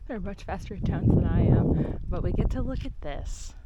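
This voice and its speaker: Lively woman hiker vlogging in loud wind. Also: lowish voice, measured pace, highs cut off. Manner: chatty and exclamatory, dropping to nervous whispers. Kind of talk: casual trail vlog. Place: outdoors on a rocky mountain trail. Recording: loud wind noise outdoors.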